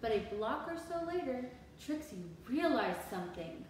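Animated woman reading a picture book. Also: sits high, normal speed, a little hiss or hum. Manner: animated and expressive, with gasps and asides. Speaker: teacher. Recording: echoey room, from far off.

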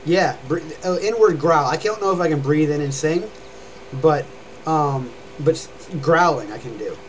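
Young guy rambling thru a scream lesson on stream, kinda high voice, faint hiss behind. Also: lively intonation, moderate pace, poor audio. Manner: rambling, chatty, demonstrates screams and growls. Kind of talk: casual live-stream vocal lesson.

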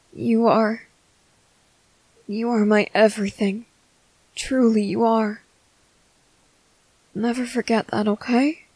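A woman voicing a tender young man comforting his partner in a whispered role-play, speaking softly, slowly and reassuringly. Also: a little high, no echo, poor audio. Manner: soft, slow, reassuring.

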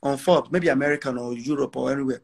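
A man's voice: medium pitch, fast talker, vocal fry, slightly rough. A brash, defiant man with a Nigerian accent, talking boastfully in an interview and repeating phrases for emphasis. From northern Nigeria.

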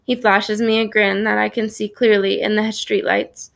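A woman's voice: mid-range voice, flat delivery, normal speed, vocal fry. A woman narrating a children's story in the first person, reading expressively. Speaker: audiobook narrator.

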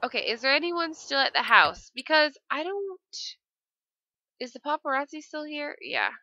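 A woman talks through her gameplay in a high, bright voice. She is casual and emotional, piling on exclamations. The sound is close and dry. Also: big pitch swings, normal speed, no room sound, dull audio. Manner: emotional and gushing, frequent exclamations. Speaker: let's play gamer.

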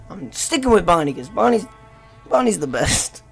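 A gaming YouTuber giving let's play commentary, excitable and trash-talking the game, swinging between loud outbursts and hushed mutters. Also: mid-range voice, normal speed, gravelly, breathy edge, faint music behind. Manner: playful trash talk at the game.

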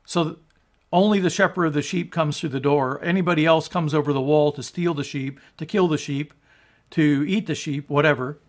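A man preaches with earnest conviction, his somewhat high voice swelling on scripture quotes. He trails off low at the ends of phrases and stumbles and restarts words now and then. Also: moderate pace. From United States. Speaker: pastor. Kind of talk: sermon, scripture reading and commentary.

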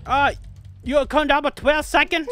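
A woman hosting a let's-play video, giving excitable commentary and swearing and shouting at the game. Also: sits high, unhurried, a little hiss or hum. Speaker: gaming video host.

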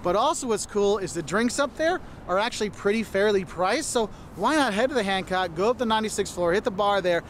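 A man's voice: high voice, expressive, fairly quick, few pauses, slight background noise. A man presenting a travel guide video, chatty and explanatory, often checking in with "okay?". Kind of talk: scripted travel guide talk.

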